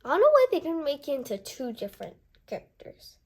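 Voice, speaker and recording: A young woman casually unboxing a board game and reading its cards aloud, chatty and excited as she goes. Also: high-pitched, fast. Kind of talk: casual unboxing and card review.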